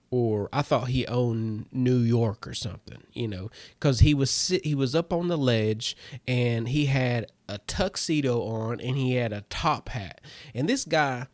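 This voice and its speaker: Comedian guy rambling thru a story, gets squeaky when hyped, dry close sound. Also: dry recording. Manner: rambling, animated, voice jumps high when excited. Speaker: comedian host.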